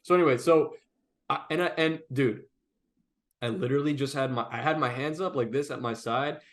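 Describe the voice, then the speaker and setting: A young man, podcast co-host, telling a story in casual chat, animated and profane, full of "like" fillers. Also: mid-range voice, fairly quick.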